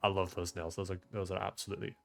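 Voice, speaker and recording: Young male streamer, lowish voice, loose and profane, faint music under him. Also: level tone, racing, gravelly. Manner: loose, swearing, rambling tech explanations. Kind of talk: casual live-stream chat, reading chat aloud. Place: home room.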